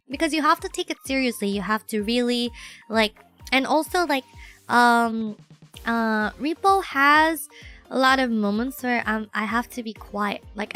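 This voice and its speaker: A bubbly woman chatting on a livestream, her voice high and sparkly. She talks in an animated, self-deprecating way, full of fillers, and slides between English and Japanese. A little music plays faintly behind her. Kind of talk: casual livestream chat.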